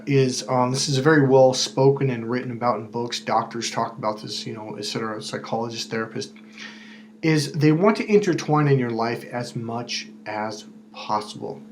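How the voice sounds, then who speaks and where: Man talking casually over faint noise. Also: medium pitch. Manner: conversational, repeats words, acts out quoted voices. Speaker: self-help coach. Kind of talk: casual spoken advice monologue.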